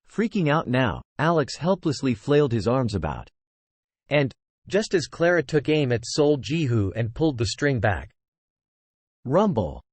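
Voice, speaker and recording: A man narrating a fantasy novel as an audiobook, in a steady storytelling manner. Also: medium pitch, dry recording.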